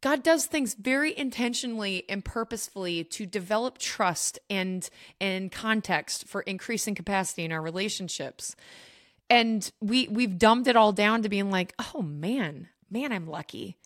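A woman's voice: medium pitch, moderate pace, fairly bright tone, no echo. Woman podcast host, faith teaching, earnest and direct, dry booth-like sound. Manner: earnest, emphatic, addresses listeners directly.

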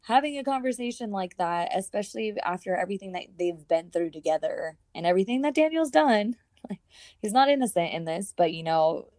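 A woman's voice: medium pitch, lively intonation, brisk, darkish tone, no room sound, studio quality. A woman co-hosting a podcast, chatting casually and animatedly about a movie, laughing as she retells scenes. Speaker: podcast co-host. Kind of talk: casual chat.

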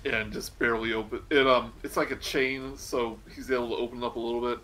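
A man narrating a tabletop game as game master, casual and halting, with fillers. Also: mid-range voice, steady tone, bright, forceful tone, a little hiss or hum, rough recording.

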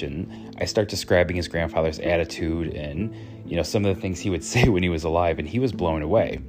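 A man's voice: deep voice, moderate pace, a little mellow, soft background music. A man who works as a psychic medium, telling a story in a chatty, rambling way full of fillers. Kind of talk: casual storytelling.

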